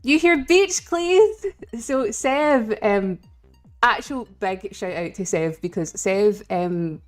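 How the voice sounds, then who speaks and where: A woman's voice: medium pitch, lively intonation, slow pace, faint music behind. A Scottish woman chatting casually with viewers on a live game stream, rambling and giggling as she greets people.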